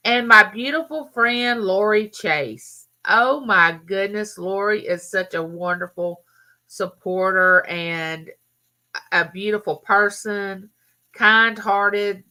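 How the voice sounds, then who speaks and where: Bright-voiced Southern woman hosting a live chat. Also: medium pitch. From Mississippi. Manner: chatty, greets viewers by name, lingers on words. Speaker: livestream host. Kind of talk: casual live chat with viewers.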